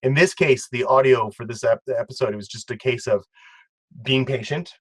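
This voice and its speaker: Rambling, excitable man on a dry mic. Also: mid-range voice, moderate pace, no echo. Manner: rambling, excitable, many restarts. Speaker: co-host and video editor. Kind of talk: casual commentary chat.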